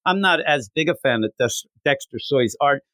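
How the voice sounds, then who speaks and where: A man's voice: medium pitch, moderate pace, no echo. Guy co-hosting a comics podcast, rambly, cussing, voice bouncing all over, dry close sound. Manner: rambling, swears a lot, lively. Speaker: podcast co-host. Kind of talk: casual comic review chat.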